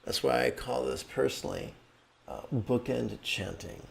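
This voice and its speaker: A man, a meditation teacher, guiding a meditation with monotone mantra chanting and relaxed, joking asides. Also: mid-range voice, a little slow, vocal fry, husky.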